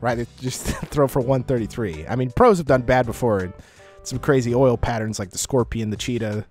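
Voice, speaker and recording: A man giving casual gameplay commentary close to his microphone, joking at his own expense, laughing often and breaking into sudden excited outbursts. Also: medium pitch, moderate pace, soft background music. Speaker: gaming YouTuber.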